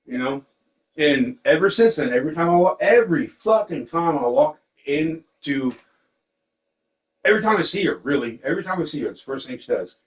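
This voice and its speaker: A man's voice: on the high side, brisk, low-quality recording. A young man chatting casually and candidly, swearing often and acting out what people said to him. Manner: candid and profane, quotes people in lively voices. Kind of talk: casual storytelling chat.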